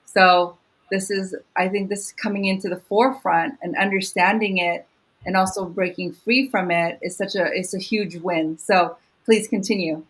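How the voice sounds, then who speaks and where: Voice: mid-range voice, fairly even intonation, moderate pace, fairly bright tone, slightly rough. A co-host who mostly gives short affirmations and encourages the speaker to continue. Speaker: co-host asking questions.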